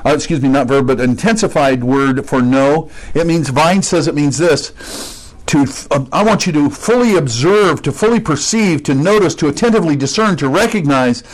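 A man's voice: on the high side, normal speed, poor audio. A man preaching an expository sermon, stressing key words and putting questions to his listeners.

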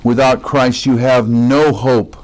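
A man's voice: mid-range voice, steady tone, slow, a little mellow, low-quality recording. A man preaching a sermon in an earnest, conversational way, reading scripture aloud and explaining it.

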